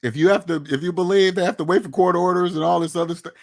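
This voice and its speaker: A man with a slightly higher-than-usual pitch delivers casual, opinionated commentary about money. He talks bluntly, in a lecturing way, and keeps throwing rhetorical questions at his audience. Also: expressive, fast, hardly any pauses. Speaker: finance commentator. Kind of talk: casual opinionated talk to camera.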